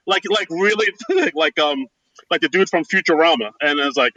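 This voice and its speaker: Male podcast co-host, a bit higher voice, bright, dry close sound, rambling and hesitant. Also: expressive, brisk, no echo, poor audio. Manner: loose, hesitant, lots of "like" and laughs. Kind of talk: casual chat.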